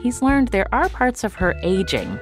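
A woman podcast host asking measured, deliberate questions and reading a scripted outro. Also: fairly high pitch, sing-song, faint music behind.

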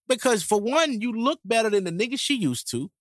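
A man co-hosting a casual podcast, joking crudely and bantering with big animated swings. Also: high-pitched, fairly quick, no room sound, clean studio sound. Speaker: podcast co-host.

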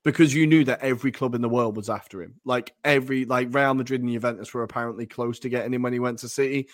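A man's voice: mid-range voice, no room sound. Male podcast co-host, casual football talk, dry close sound, hedgy and chatty. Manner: chatty, hedging with fillers and frequent laughs.

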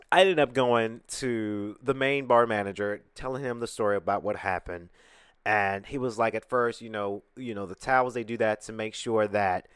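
A man's voice: mid-range voice, smooth, no echo, studio quality. A man from Atlanta, hosting a podcast and telling a story in casual chat, acting out what other people said. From Atlanta, USA. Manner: animated, acts out quoted people. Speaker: podcast host. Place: recording studio. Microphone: studio podcast mic.

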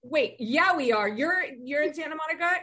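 A woman's voice: high-pitched, animated, brisk, bright, forceful tone. A middle-aged woman talking casually as a guest, rambling and acting out what people said. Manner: rambling, acts out quoted dialogue. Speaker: guest, Pilates studio founder. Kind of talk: casual conversation.

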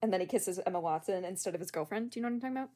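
A woman's voice: mid-range voice, expressive, very fast, dark tone. A young woman co-hosting a podcast, chatting casually, rambling and laughing often. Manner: giggly, rambling, prone to bursts of laughter. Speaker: podcast co-host. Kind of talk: casual chat.

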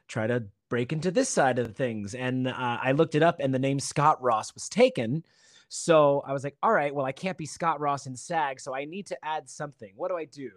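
A man's voice: mid-range voice, dry recording, studio quality. A man from Virginia Beach, a stage actor guest, telling stories in casual podcast chat and acting out the people he quotes. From Virginia Beach, USA. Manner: animated storyteller, acts out quotes.

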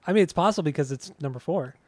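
A young man hosting a podcast in a relaxed, teasing way, his voice a touch high. He chuckles often and keeps the banter loose. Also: very fast, no echo. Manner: laid-back, teasing, chuckling. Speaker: podcast host. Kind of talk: casual chat.

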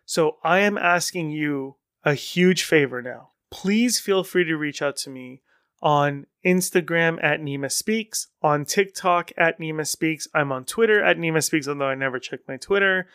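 A man's voice: fairly high pitch, moderate pace, a bit bright, smooth, dry recording, clean studio sound. A man hosting his own podcast in casual, rambling, enthusiastic solo talk. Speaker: podcast host.

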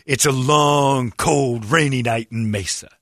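A man's voice: mid-range voice, measured pace, fairly bright tone, no room sound, studio quality. A man voicing his sardonic, menacing old restaurant boss with a drawling delivery in a radio story. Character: gruff sardonic older male restaurant boss.

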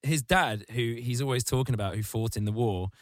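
A man's voice: medium pitch, fairly quick, no echo. A man in casual comedic podcast chat, ranting sardonically with crude, vivid insults.

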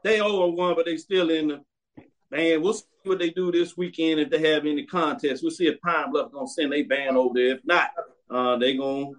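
High-voiced blunt man hosting a sports show. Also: steady tone, a little fast. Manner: blunt, emphatic, repeats commands. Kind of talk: opinionated casual commentary.

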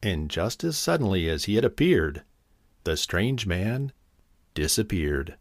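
A man narrating a fairy tale in an expressive, animated reading. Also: deep voice, measured pace, no room sound, clean studio sound. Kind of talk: storybook narration.

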